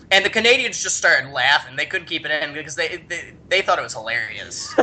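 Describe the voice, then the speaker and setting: A man co-hosting a casual podcast, telling long stories in a rambling, animated way. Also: fairly high pitch, a little fast. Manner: rambling, animated, many restarts. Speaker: podcast co-host. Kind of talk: casual chat, storytelling.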